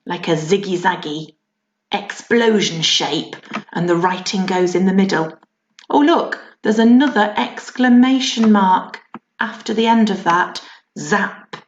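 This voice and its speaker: A woman teaching young children, reading a comic aloud in a gentle, encouraging, animated way, with an English accent. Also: mid-range voice, a little slow, a little hiss or hum. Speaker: primary school teacher. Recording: roomy dull home lesson recording.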